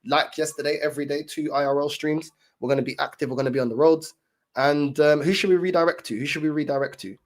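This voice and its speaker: A man's voice: fairly high pitch, fast talker. A young man chatting casually to his livestream viewers, in laid-back, slang-heavy talk full of fillers. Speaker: livestream host.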